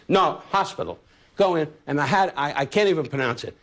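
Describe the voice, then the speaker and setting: A man's voice: fairly high pitch, animated, quick pace. A man in his eighties doing brash, needling insult comedy as a talk show guest, stammering and restarting as he goes. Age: 80s. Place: TV studio with live audience. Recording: TV studio with loud audience laughter.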